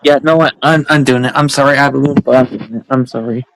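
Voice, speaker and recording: A man's voice: mid-range voice, brisk, gravelly, dry recording, poor audio. A man streamer ranting heatedly on his livestream, repeating himself and restarting sentences.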